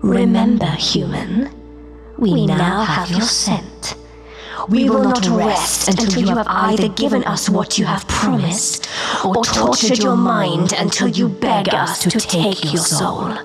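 Whispering spirit beings, menacing, slow, loud music underneath. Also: female voice, medium pitch. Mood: threatening. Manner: slow eerie whisper, threatening. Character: menacing whispering spirit entities, cold, hungry for souls. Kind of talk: audiobook character voice.

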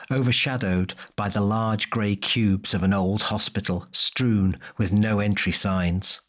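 A man narrating a fantasy audiobook in a measured, descriptive way. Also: lowish voice, fairly bright tone. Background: faint music.

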